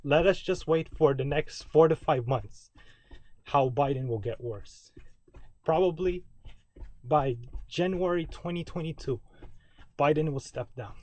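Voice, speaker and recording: A man's voice: on the high side, unhurried, long pauses, a little mellow, dry recording. A man recording a rambling, ranting video message from his basement at home, repeating and correcting himself as he goes. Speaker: vlogger. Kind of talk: direct-to-camera video message.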